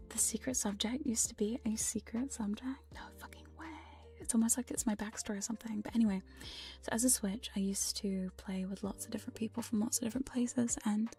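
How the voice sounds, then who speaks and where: Young woman, hushed ASMR whisper, mellow and breathy, playful and giggly, faint music underneath. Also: mid-range voice. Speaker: ASMR streamer.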